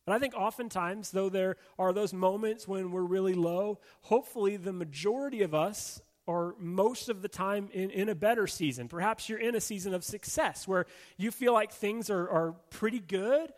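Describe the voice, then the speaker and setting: A man with a high voice preaches a sermon to his congregation. He talks in a loose, conversational way with casual fillers, then slows and softens to stress his main points. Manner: conversational preaching with casual fillers, drops soft and slow for emphasis. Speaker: pastor.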